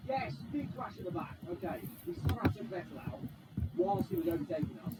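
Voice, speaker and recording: A man reacts loudly as he plays a racing game, his voice high and swinging all over the place. He sits back from the mic. Roaring game engines fill the sound behind him. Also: brisk. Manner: excitable, exclaiming at the action. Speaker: gaming commentator. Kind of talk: live gameplay commentary. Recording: distant mic under loud game noise. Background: loud racing game engine sounds.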